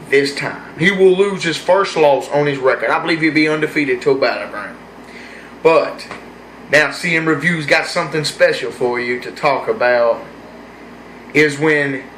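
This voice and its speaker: Guy ranting about last night's wrestling, kinda high voice, echoey room. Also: a little hiss or hum. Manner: rambling, opinionated, excitable. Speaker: wrestling show reviewer. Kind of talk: casual solo review vlog.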